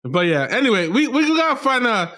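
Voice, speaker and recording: A man's voice: very high voice, very animated, fairly quick, bright, forceful tone. A man in his thirties hosting a casual podcast, recounting embarrassing stories with exasperated, self-deprecating humor. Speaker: podcast host.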